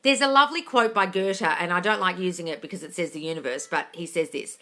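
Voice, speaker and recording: A woman's voice: on the low side, lively intonation, a little fast, hardly any pauses, bright, forceful tone. A woman hosting a live question-and-answer stream as a coach, blunt and emphatic, swearing freely as she answers viewers. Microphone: phone or computer mic for a live stream.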